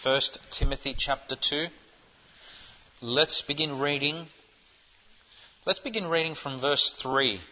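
Man, preacher, sermon, emphatic, rhetorical questions, somewhat high voice, long hall echo, muffled lo-fi sound. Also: steady tone, slow, long pauses, slight background noise.

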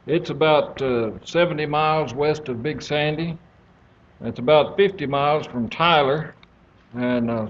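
A man from East Texas with a Texan accent, a guest speaker giving a folksy sermon that opens with a joke. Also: a little high. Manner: drawling, joking storyteller. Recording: dull lo-fi audio with faint hiss.

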